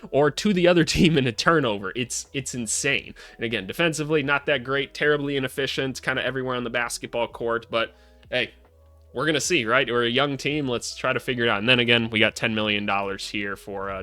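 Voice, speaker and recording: A young adult man hosting a casual basketball commentary vlog, blunt and sarcastic and quick to swear. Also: medium pitch, sharp tone, no room sound, faint music behind. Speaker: basketball analyst, channel host.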